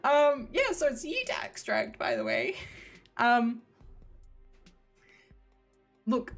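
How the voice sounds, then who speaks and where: Brief: young UK woman streamer, bouncy lively pitch, rambling and giggly, soft music underneath. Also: drawn-out words. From United Kingdom. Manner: rambling, giggly, trailing off into mumbles. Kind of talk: casual stream chat. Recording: faint background music.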